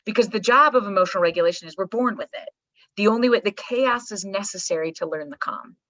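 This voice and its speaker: A middle-aged woman, a psychologist guest, talking candidly in a blunt, profane, animated storytelling manner. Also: mid-range voice, quick pace, no room sound. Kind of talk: candid podcast conversation. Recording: slightly muffled dry recording.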